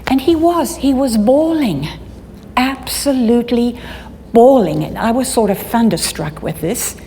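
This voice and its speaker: An older woman speaking at a conference, telling a personal story in a halting way, often restarting her sentences. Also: fairly high pitch, expressive, warm tone. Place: conference hall. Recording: long hall reverb, faint background noise.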